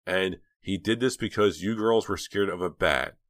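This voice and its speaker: Male reader doing doubtful cop in an audiobook, loud, dry close sound. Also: low-pitched, moderate pace, dry recording, pitched above the performer's own voice. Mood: disbelieving. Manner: flat, disbelieving. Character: disbelieving male police detective.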